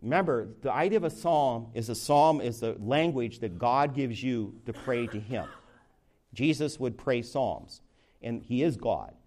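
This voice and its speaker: A man leading a Bible study, teaching in a conversational way with frequent restarts, and rising in pitch to stress key words. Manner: lively, rising emphasis on key words, slows for scripture reading. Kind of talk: sermon-style Bible teaching.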